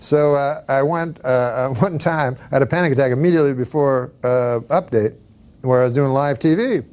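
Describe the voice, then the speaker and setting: A man with a Canadian accent, chatting as a comedian guest in a halting, deadpan way, full of restarts and dry jokes. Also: mid-range voice, smooth. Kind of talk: casual interview chat.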